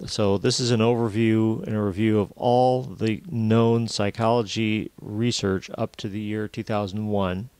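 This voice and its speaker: A man with a lowish voice delivers a recorded university lecture, explaining things plainly and patiently with the odd "uh" and "um". The sound is close and dry, with no room around it. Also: steady tone, a little slow, few pauses, a little mellow, no room sound. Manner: plain explanatory, with frequent fillers.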